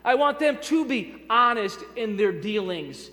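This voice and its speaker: A man's voice: high-pitched, lively intonation, a little slow, pushed and bright. A male pastor preaching a sermon, emphatic, repeating key phrases and speaking directly to his congregation with light humor. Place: church sanctuary. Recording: reverberant church hall.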